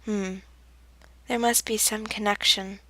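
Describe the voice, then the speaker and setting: Slow soft-spoken woman narrator. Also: medium pitch, little pitch movement, dry recording. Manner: slow, soft-spoken, often dropping to a whisper. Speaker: fanfiction reader. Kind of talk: first-person storybook narration.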